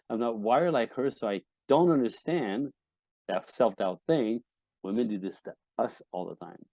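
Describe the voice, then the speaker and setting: This mid-range, mellow, expressive man speaks at normal speed as a guest relationship coach in a frank podcast interview, blunt and emphatic, with frequent swearing. He acts out what wives and husbands say. The audio has no room sound.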